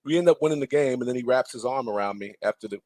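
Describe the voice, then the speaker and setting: Talking very fast in a mid-range voice, a podcast guest who used to play and now broadcasts tells lively basketball stories. He acts out each person's lines like an animated storyteller, and the recording has no room sound.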